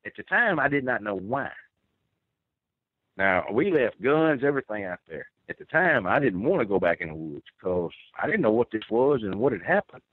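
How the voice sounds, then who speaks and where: A man's voice: on the low side, sing-song, normal speed, no room sound. Man telling a tale by phone. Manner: rambling, earnest, with restarts. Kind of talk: first-person storytelling. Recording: tinny phone line.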